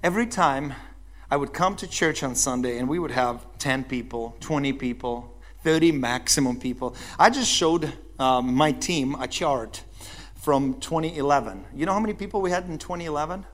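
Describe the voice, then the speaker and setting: High-voiced man preaching an animated sermon. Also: moderate pace. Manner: animated storytelling, asks the congregation questions. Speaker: pastor.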